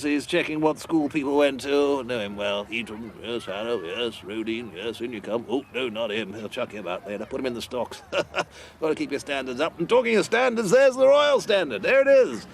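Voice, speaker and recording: An actor playing a rambling, lecherous old upper-class English ex-army commentator who mutters asides over old footage. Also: male voice, on the high side, moderate pace, vocal fry, a little hiss or hum. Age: older.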